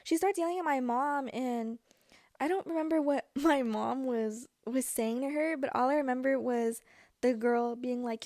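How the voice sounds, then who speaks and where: With a high-pitched voice and an unhurried pace, a young woman hosting a podcast tells a personal story, chatty and animated and full of fillers. The studio sound is clean, with no room echo.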